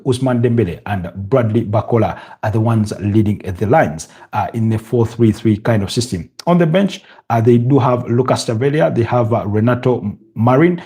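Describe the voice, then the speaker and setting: A man's voice: medium pitch, breathy edge. A young man with a Ugandan English accent hosting a live football watch-along, chatting with viewers and calling the action, with lots of fillers and restarts. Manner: many fillers and restarts, rising excitement at goals. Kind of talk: live match commentary and chat.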